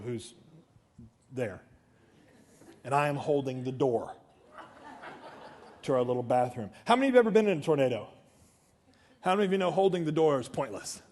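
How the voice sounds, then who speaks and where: A middle-aged man, preaching a sermon as pastor and telling a story with swings from quiet talk to shouting. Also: a little high. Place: church sanctuary.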